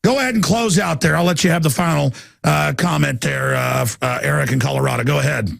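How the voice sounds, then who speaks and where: A man's voice: a little high, fast talker, creaky, no room sound, studio quality. A man hosting a call-in radio talk show, ranting and sarcastic as he takes callers. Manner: ranting, sarcastic, mocking put-on voices.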